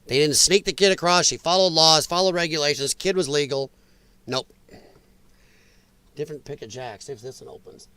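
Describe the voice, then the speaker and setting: A man's voice: fairly high pitch, normal speed, long pauses, pushed and bright, clean tone, dry recording. A man hosting a political commentary livestream, ranting with strong opinions and reacting to viewer chat. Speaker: host.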